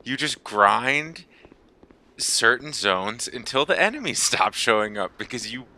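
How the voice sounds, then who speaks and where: A man's voice: mid-range voice, lively intonation, unhurried, sharp tone. A man chatting casually as a guest on a gaming video, rambling and often chuckling. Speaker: podcast guest. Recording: noisy voice-chat recording.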